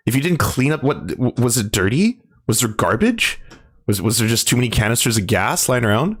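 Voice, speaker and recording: A man's voice: mid-range voice, big pitch swings, brisk. Sarcastic man mocking clips. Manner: incredulous, mocking, swears. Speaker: host reacting to clips. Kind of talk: sarcastic comedic commentary.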